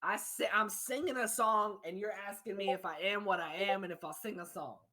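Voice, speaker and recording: A woman's voice: high voice, animated, measured pace, sharp tone, slightly rough, pitched above the performer's own voice, heavily acted. A woman voicing a cheerful traveling male singer who boasts and chatters. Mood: boastful.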